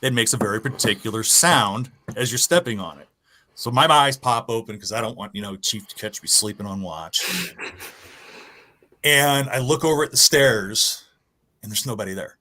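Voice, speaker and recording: A man casually telling a profane, animated ghost story from his Navy days. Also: lowish voice, moderate pace. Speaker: guest storyteller.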